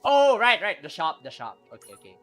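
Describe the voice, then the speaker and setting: A man live-streaming a video game, chatting casually with viewers, excitable and quick to laugh. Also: sits high, faint music behind.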